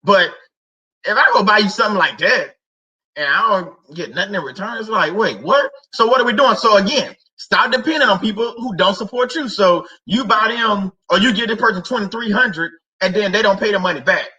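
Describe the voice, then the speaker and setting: A man's voice: high-pitched, brisk, sharp tone, dull audio. A man hosting a faith livestream, chatting casually with viewers, joking, laughing often and using lots of slang and repetition. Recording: somewhat distant mic.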